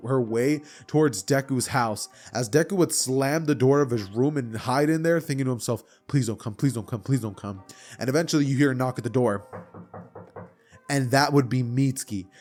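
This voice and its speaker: A man's voice: mid-range voice, normal speed, faint music behind. A young man telling a made-up anime story in a chatty, slangy way. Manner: slangy, chatty, animated retelling. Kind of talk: casual storytelling.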